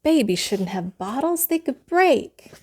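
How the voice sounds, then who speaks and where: A woman's voice: sits high, big pitch swings, a little slow, dark tone, husky, voice pushed up, heavily acted. A woman doing a chirpy, literal-minded storybook housekeeper. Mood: earnest, puzzled. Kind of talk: storybook character voice.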